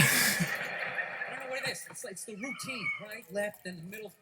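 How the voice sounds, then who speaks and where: A man's voice: sits high, normal speed, pauses often, very noisy. A man doing stand-up comedy on stage, ranting and swearing in a conversational way.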